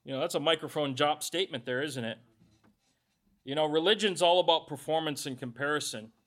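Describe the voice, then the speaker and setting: A man's voice: a little high, a little fast, a bit bright. A male pastor giving a conversational sermon, reading scripture aloud and adding joking asides.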